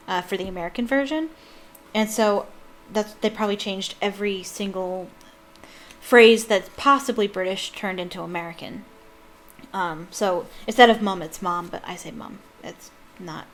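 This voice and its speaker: A woman reading a novel aloud expressively, breaking off for chatty asides with ums. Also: mid-range voice.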